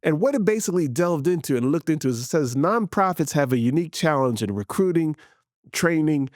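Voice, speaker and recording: A man's voice: fairly high pitch, no echo. Earnest man teaching on leadership, dry. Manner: earnest, emphatic, repeats words for stress. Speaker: podcast host. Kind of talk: motivational teaching talk.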